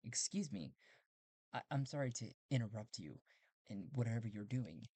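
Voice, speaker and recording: A man's voice: lowish voice, very animated, moderate pace, dark tone, husky, dry recording. A man playing a polite, hesitant human space traveler in a solo tabletop role-play, stumbling and apologetic.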